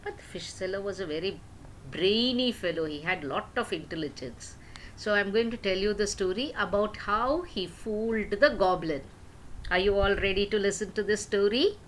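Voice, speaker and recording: A woman's voice: medium pitch, normal speed, a little hiss or hum, poor audio. An older woman telling a story to children, stopping to ask her young listeners questions.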